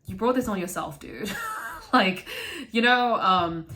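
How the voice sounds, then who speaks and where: Animated, bright-voiced woman. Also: mid-range voice, a little slow. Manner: animated, profane, laughs often. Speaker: vlogger reviewing a film. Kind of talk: casual film commentary.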